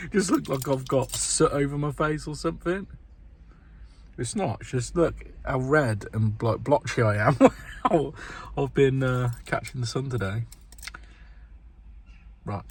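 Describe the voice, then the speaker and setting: A man's voice: on the high side, darkish tone. British plumber guy vlogging his day, swears a lot, blunt rambly chat, car and road noise behind. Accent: British English. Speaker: self-employed plumber. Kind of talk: casual day-in-the-life vlog. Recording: background noise from traffic and vehicles.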